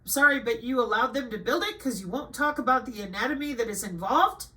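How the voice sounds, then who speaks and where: Middle-aged woman host, slightly high, bright edgy voice, flat list reading that flips into sarcastic scolding. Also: quick pace, rough recording. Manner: scolding and sarcastic, jumping between flat reading and emphatic outbursts. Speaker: channel host. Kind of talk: reading a list aloud with ranting commentary.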